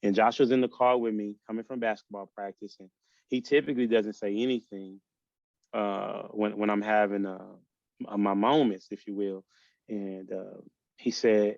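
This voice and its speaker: A man talking as a podcast guest in a personal, emotional conversation, speaking haltingly with many restarts and fillers. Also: lowish voice, steady tone, gravelly, a little mellow, dry recording, highs cut off.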